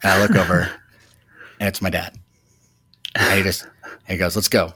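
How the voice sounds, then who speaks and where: A man in his thirties, a new father, telling a personal story in a reflective, halting way with many fillers. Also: low voice, little pitch movement, pushed and bright, breathy edge, no room sound, clean studio sound. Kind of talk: casual storytelling.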